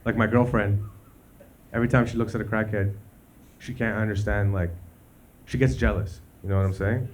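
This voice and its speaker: A man's voice: fairly low pitch, fairly even intonation, moderate pace, slight background noise. A man from Canada performing a stand-up comedy set, loose and conversational, leaning on "you know" between lines. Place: comedy club stage. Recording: live club recording with crowd. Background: audience laughter.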